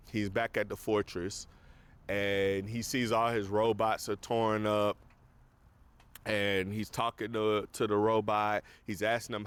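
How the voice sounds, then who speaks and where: A man's voice: fairly low pitch, smooth. A man hosting a casual film review, retelling scenes in a rambling way full of fillers.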